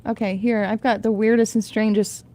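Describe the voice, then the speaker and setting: A woman's voice: on the high side, flat delivery, normal speed, mellow, no room sound. Chatty woman radio morning host. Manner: chatty, reads items aloud with frequent laughter. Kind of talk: casual radio banter. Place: radio studio. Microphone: studio microphone.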